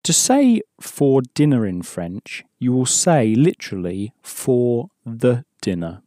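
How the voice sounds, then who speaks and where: A man's voice: mid-range voice, very animated, slow pace, dark tone, dry recording, studio quality. A man teaching an audio language course, patiently explaining and prompting the learner to answer.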